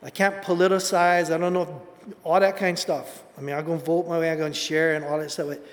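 A man preaching a sermon, telling animated, conversational stories and calling people "bro". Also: fairly high pitch, a little fast, in a large hall.

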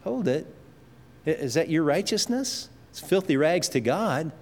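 Brief: male pastor, high voice, emphatic sermon delivery, long hall echo. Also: animated, normal speed. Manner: emphatic preaching with swings in pitch and pace, repeats words.

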